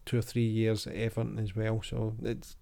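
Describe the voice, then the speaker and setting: A man's voice: fairly low pitch, moderate pace, gravelly. A man hosting a casual football chat, reading out old quotes and quizzes. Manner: chatty, reads quotes aloud with lively voices. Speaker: podcast host.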